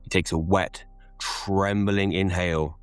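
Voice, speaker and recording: A man narrating a scripted horror story in a slow, measured, ominous delivery. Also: sits low, fairly even intonation, clean tone, faint music behind.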